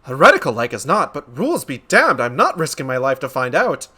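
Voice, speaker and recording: A wary soldier mutters quickly and quietly, as a man voices him for a game. The delivery stays low in volume and uneasy. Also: very animated, breathy edge, full character voice.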